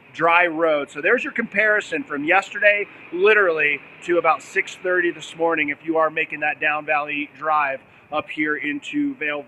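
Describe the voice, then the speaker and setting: An upbeat man gives a casual morning report on roads and weather while out around town. His voice is bright and a little high, with quick asides. A faint outdoor hum sits behind him. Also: poor audio. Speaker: host, roving reporter.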